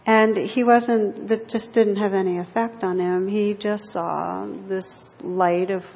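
Woman teaching meditation to a group, gentle and reflective, muffled recording in a big echoey hall. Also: medium pitch, fairly even intonation, takes it slowly, a little hiss or hum. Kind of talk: dharma talk to a group. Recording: lo-fi hall recording with long reverb.

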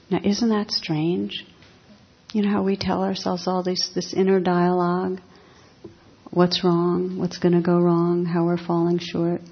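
A woman meditation teacher giving a dharma talk in a calm, reflective, unhurried way. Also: on the low side, husky. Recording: dull lo-fi talk recording.

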